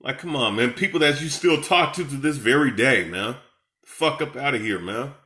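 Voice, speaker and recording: A man's voice: medium pitch, expressive, normal speed, sharp tone. A man giving heated, profane reaction commentary as an online preacher, confronting and scolding his rivals. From Seattle, USA.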